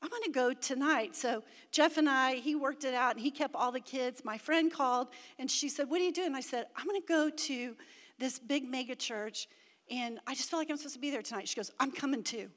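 A middle-aged woman preaches to a church with a very high, bright voice. Her testimony is animated, swinging up to shouts. The sound carries long reverb from a big church hall. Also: brisk. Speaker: pastor's wife preaching. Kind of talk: sermon.

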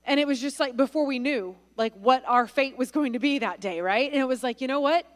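Woman speaker, very high and bright, chatty sermon style with fillers, reverberant church room. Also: a little fast. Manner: conversational, many fillers and restarts. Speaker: guest speaker. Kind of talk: sermon with storytelling. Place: church sanctuary.

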